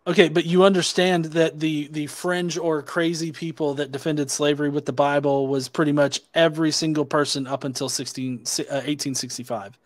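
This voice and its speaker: A man's voice: fairly high pitch, fairly even intonation, normal speed, hardly any pauses, dry recording. A man debating online, probing with questions, hesitant with many restarts and fillers. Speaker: atheist debater.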